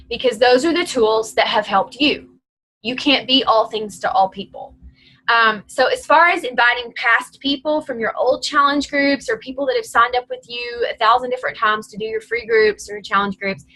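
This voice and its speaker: A woman's voice: fairly high pitch, pushed and bright, poor audio. A woman leading a team call, coaching her team in a direct, encouraging, chatty way.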